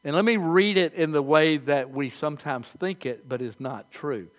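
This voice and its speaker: An older man preaching a sermon as pastor, telling folksy stories with animated, halting restarts. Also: a little high.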